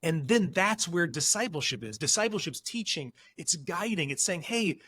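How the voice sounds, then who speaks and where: A man's voice: fairly high pitch, animated, moderate pace, a bit bright. A middle-aged man, a counselor guest on a podcast, speaking earnestly and with emphasis, acting out bits of dialogue as he tells stories. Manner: earnest, emphatic, acts out dialogue while storytelling. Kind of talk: podcast interview.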